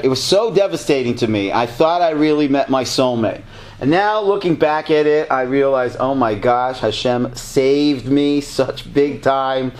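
A man in his sixties, a rabbi answering audience questions in a conversational, joking way, with Hebrew terms mixed in. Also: mid-range voice. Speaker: rabbi teaching a class.

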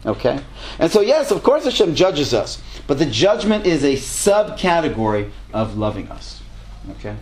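A man's voice: a little high, sing-song, normal speed, darkish tone. A man in his sixties, a rabbi answering audience questions in a conversational, joking way, with Hebrew terms mixed in. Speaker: rabbi teaching a class.

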